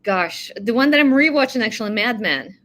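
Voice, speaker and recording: Bright-toned woman, laughing guest. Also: on the high side, expressive, brisk. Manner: thoughtful, laughing, rambling answers. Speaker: interview guest. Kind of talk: casual interview answers.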